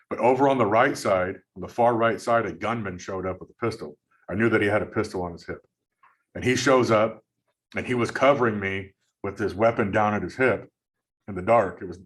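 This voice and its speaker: A man's voice: on the low side, fairly bright tone. A man from California recounting a dream in casual, rambling storytelling, often repeating words and acting out what others said. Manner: rambling, repeats words, acts out quoted lines. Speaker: dream-recounting channel host.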